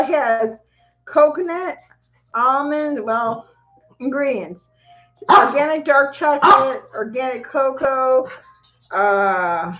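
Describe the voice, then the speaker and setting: This middle-aged woman's voice sits high and has a fairly bright tone as she chats casually on a live stream at home, addressing viewers and her pets. She's a vlogger recorded on a phone or camera mic, and the room is echoey with a dull, lo-fi sound.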